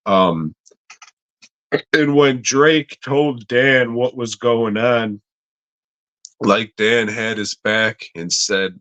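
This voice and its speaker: A man's voice: on the low side, a bit bright, no room sound. A man co-hosting a comedy podcast, chatting casually in a rambling, profane way with lots of fillers. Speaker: podcast co-host.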